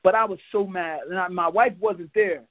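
A retired boxer from Philadelphia, USA, guests on a podcast and tells stories in a casual interview, his voice high for a man. He's an animated storyteller who laughs a lot and acts out quotes, speaking at a moderate pace with no room sound. The podcast audio is dull and lo-fi.

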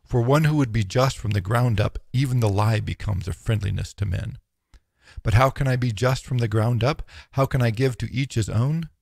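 A man reading a philosophical text aloud in a measured, solemn, declaiming way, close to the mic. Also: medium pitch, creaky, a little mellow, dry recording. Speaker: narrator.

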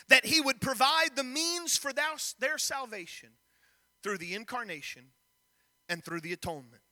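A man's voice: extremely high pitch, pushed and bright, long reverb tail. A man preaching a sermon in a church, reading scripture and questioning the congregation directly. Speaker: pastor. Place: church sanctuary.

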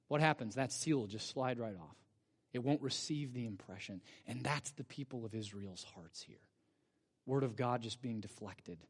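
A male pastor preaching a sermon, telling the story with energy and asking the congregation rhetorical questions. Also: mid-range voice. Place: church sanctuary. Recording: long church-hall reverb.

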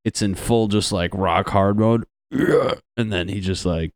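A man's voice: on the low side, takes it slowly, dry recording, clean studio sound. A man doing a casual, crude comedic monologue as a podcast host, rambling and laughing at his own jokes.

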